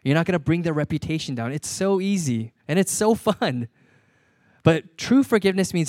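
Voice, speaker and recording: A man's voice: a little high, animated, normal speed, darkish tone, no room sound. Conversational man preaching a sermon. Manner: conversational, repeats key lines for emphasis. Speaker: pastor.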